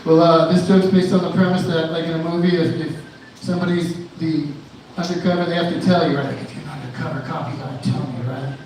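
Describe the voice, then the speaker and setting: Rambling stand-up comic in an echoey room. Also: male voice, on the high side, fairly even intonation, fast talker, hardly any pauses, darkish tone, slight background noise. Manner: rambling, loose, with many fillers and restarts. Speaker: stand-up comedian. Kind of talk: live stand-up set. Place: indoor bar venue. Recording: echoey room, mic at a distance.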